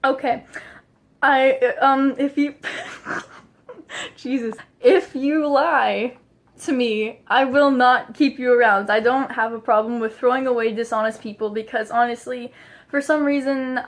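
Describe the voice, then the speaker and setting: A woman's voice: high voice, fairly even intonation, unhurried. A young woman rambling through a casual vlog about herself, laughing often and swearing freely. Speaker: vlogger.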